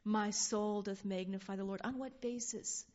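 A woman leading an informal Bible study, reading scripture aloud and talking in an animated, laughing way. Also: mid-range voice, moderate pace. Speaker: Bible teacher. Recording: dull lo-fi sound.

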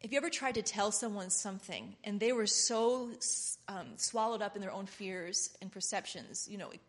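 A middle-aged woman giving a rambling, earnest, informal sermon that builds to loud, impassioned preaching. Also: medium pitch, moderate pace.

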